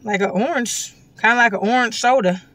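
Bright-voiced woman, slangy taste-test vlog. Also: a little high, brisk. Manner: slangy, animated, bursts into loud exclamations and laughs. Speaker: vlogger reviewing a soda. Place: at a gas station.

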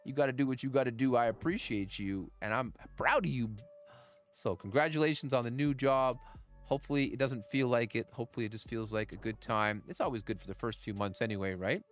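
A middle-aged man, chatting with his live chat while giving game commentary, swinging from calm tips to loud outbursts. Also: medium pitch, fairly quick, soft background music. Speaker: gaming livestreamer.

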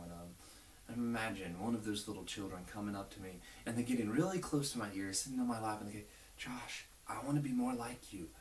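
A young man giving an informal, earnest video sermon as a youth pastor, often dropping to near whispers. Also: lowish voice. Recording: echoey room, mic at a distance, faint hiss.

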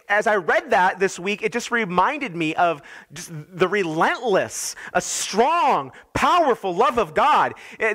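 Guy pastor preaching a sunday sermon, high voice, piles up repeated lines, earnest. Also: sharp tone. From United States. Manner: earnest preaching with repeated emphatic phrases and restarts. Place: church.

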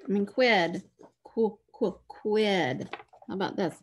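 A woman with a medium-pitched voice teaches children a phonics lesson, sounding out letters and words slowly and patiently.

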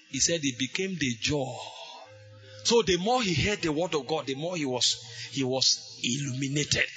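Male preacher, fairly high, forceful bright tone, fervent sermon with shouted bursts, soft music behind. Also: normal speed.

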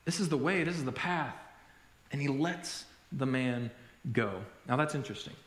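A man preaching a sermon as a pastor, telling stories in an animated way with self-deprecating humor. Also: mid-range voice, moderate pace, roomy sound. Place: church sanctuary.

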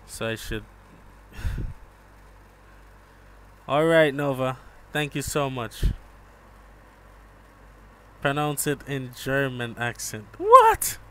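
Slow-talking man streaming a game. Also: mid-range voice, a bit bright, smooth. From Jamaica. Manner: laid-back, chats with viewers, calls them bro. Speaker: gaming streamer. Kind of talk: live gameplay commentary.

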